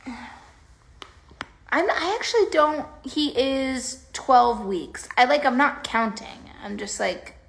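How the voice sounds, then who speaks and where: Slow-talking woman on a phone livestream. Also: high voice, lively intonation, gravelly. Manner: rambling and playful, baby talk to her dog. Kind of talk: casual livestream chat. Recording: echoey room with faint noise.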